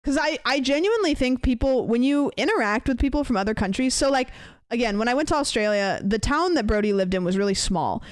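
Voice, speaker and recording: A woman's voice: on the high side, animated, fast talker, dry recording, studio quality. An American woman streamer chatting casually, telling a long story with lots of fillers and restarts. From United States. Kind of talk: casual livestream chat.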